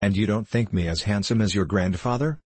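Man reading a gruff stern old gentleman, storybook, deep husky voice, dry. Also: brisk, no echo.

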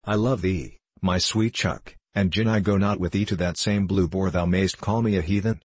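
A blustering, quick-tempered tinker from an old storybook tale, as a man reads him aloud. He talks in archaic speech with a low, husky voice, recorded close and dry. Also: dry recording. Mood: boastful. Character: boastful brash male tinker, adult, quick-tempered.

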